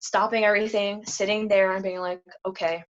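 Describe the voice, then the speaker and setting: In dull lo-fi podcast audio, a woman speaks as a guest in a candid, casual interview, her mid-range voice fairly even in intonation at a moderate pace. Earnest and frequently saying "like," she brightens into a livelier voice when acting out quotes.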